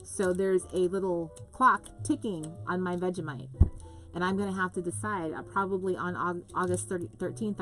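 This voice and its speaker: A woman from the US West Coast hosting a live craft stream, chatting casually and reading out viewer comments in a rambling, gushing way. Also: on the low side.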